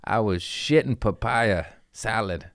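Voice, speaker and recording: A man's voice: lowish voice, takes it slowly, a bit bright, no room sound, studio quality. A man, a comedian, telling rambling self-mocking stories into a podcast mic, slangy and acting out quotes. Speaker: comedian host. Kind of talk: casual storytelling.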